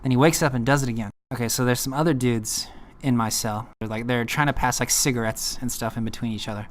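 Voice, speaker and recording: Man, casual vlog storytelling, rambling, laid-back, filler words, middle pitch. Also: steady tone, fast talker, slight background noise. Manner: rambling, laid-back, full of "like" and "you know". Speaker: uncle telling his own story.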